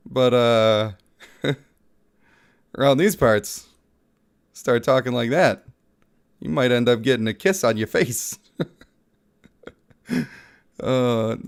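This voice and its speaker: A man's voice: medium pitch, slow pace, long pauses, clean tone. A man who is sick, giving casual, playful live-stream commentary on a mobile game and chatting with viewers.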